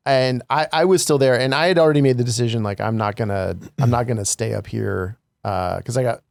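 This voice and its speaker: A man's voice: medium pitch, a little fast, gravelly, darkish tone, no echo, clean studio sound. A middle-aged man from California co-hosting a podcast, speaking in a reflective, rambling way in casual conversation. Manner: reflective, rambling, trailing phrases. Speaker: podcast co-host.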